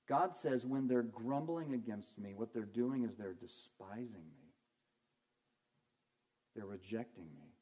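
Mellow-voiced man preaching a sermon. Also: on the low side, animated, a little slow, long pauses. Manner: earnest, asks and answers his own questions. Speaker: pastor.

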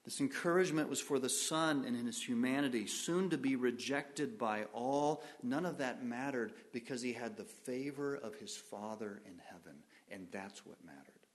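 A male pastor preaching a sermon, putting questions to the congregation and swinging from loud emphasis to quiet, soft phrases. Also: mid-range voice, moderate pace, few pauses.

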